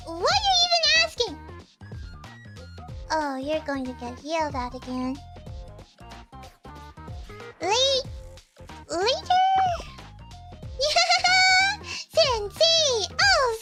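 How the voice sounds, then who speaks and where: A woman's voice: high voice, lively intonation, slow pace, long pauses. A woman voicing a mischievous, bratty teenage schoolgirl who teases and whines in a giggly way. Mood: cheeky. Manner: teasing, whiny, giggly. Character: mischievous bratty teen schoolgirl, cheeky and carefree. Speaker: streamer reading game dialogue. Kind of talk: voicing game story dialogue. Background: background music.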